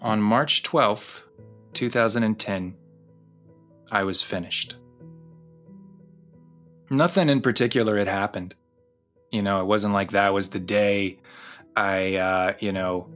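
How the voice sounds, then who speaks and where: A man hosting a podcast, narrating a personal story in an intimate, confessional way and slowing down on key phrases. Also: fairly low pitch, a bit bright. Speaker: podcast host. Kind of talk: personal narration over music.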